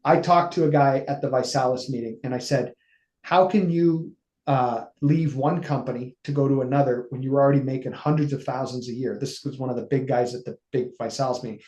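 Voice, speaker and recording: A man's voice: mid-range voice, brisk. A man, telling a long personal story in a casual interview and acting out the dialogue. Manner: animated, acts out quoted dialogue. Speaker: interview guest, financial services executive. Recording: echoey room.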